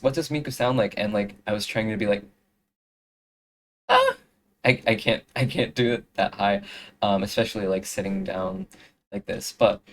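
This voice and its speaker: Young live streamer, unhurried, filler-heavy chat while making art. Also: medium pitch, poor audio. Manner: rambling, full of fillers and restarts.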